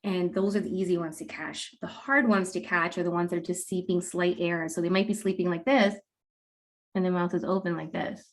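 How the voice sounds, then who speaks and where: A woman talking as a guest expert in a casual interview, explaining in a lively way and acting out what parents say. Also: lowish voice, brisk. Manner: animated, acts out quoted parents with laughs. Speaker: guest expert on mouth breathing.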